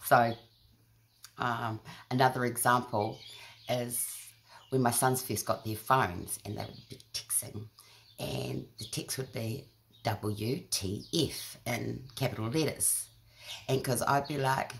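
A woman's voice: rumbling low, unhurried, slight background noise. A middle-aged woman with a New Zealand accent, telling self-mocking stories in a chatty vlog. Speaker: vlogger. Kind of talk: casual storytelling to camera.

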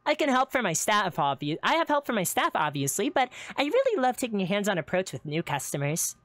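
Here the woman speaks at medium pitch with huge swings in intonation and a slightly quick pace, recorded dry. Her character is a quirky, cheerful young seafood restaurant owner, giggling and playful throughout the live roleplay.

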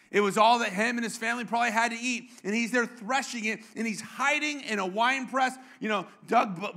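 Male pastor, high bright voice, playful preaching that draws the congregation in. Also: creaky. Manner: playful, engages congregation with questions. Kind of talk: sermon. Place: church.

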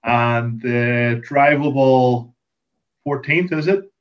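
A man with a Northern Irish accent, a podcast guest telling a golf story in a lively, animated way. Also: mid-range voice, slow pace, highs cut off. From Northern Ireland. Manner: lively anecdote teller, acts out quoted voices. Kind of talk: casual storytelling chat.

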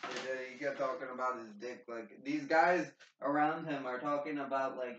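A man's voice: medium pitch, moderate pace. Young guy ranting casually about a movie, cussing a lot, roomy echo, kinda far off the mic. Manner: excitable, profane, laughing asides. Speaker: movie reviewer. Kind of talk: casual spoiler review. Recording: roomy, dull, distant mic with faint noise.

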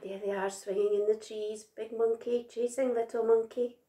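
A woman reading a children's picture book aloud in an expressive, gentle way. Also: fairly high pitch, moderate pace. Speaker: storyteller. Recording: roomy echo.

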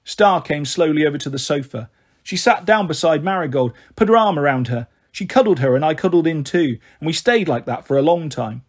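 Male storybook reader, animated, slightly husky. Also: fairly high pitch, fairly quick. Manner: expressive, voicing characters. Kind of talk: reading a children's novel aloud.

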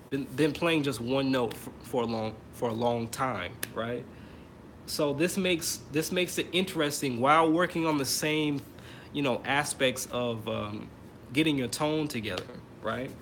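A man's voice: medium pitch, fairly bright tone, a little hiss or hum. A man teaching trumpet in an online masterclass, explaining casually with many fillers and restarts. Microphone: computer mic on a video call.

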